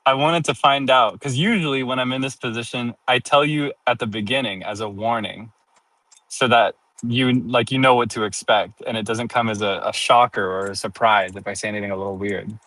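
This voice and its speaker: A man's voice: mid-range voice, steady tone, a little fast, bright, forceful tone, no echo, rough recording. A sleepy man streaming casual chat to his viewers, giggling often between sentences and turning playfully dramatic.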